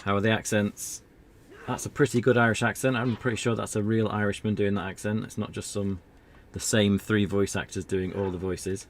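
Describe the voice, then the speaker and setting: A man's voice: lowish voice, little pitch movement, a little fast, a little hiss or hum. A man streaming an old adventure game, chatting casually in a rambling, self-deprecating way. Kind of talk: casual gameplay commentary.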